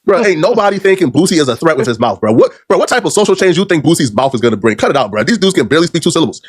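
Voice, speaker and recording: A man hosting a commentary video, talking in animated, mocking slang on a close, dry mic. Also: a little high, rapid-fire, slightly rough, no echo.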